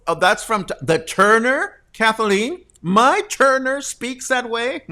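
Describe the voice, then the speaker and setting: Animated, bright-voiced man hosting. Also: very high-pitched, slow. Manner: playful, bursts into loud laughter. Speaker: host of a live community show. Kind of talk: lively live-stream chat.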